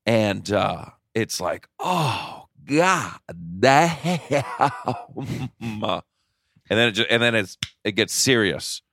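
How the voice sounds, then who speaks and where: A low-voiced man in a casual podcast chat who tells rambling stories with a lot of excitement. He often stumbles over his words and laughs as he goes. The recording is dry and close, with almost no room sound. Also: slow, dry recording. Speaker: podcast co-host.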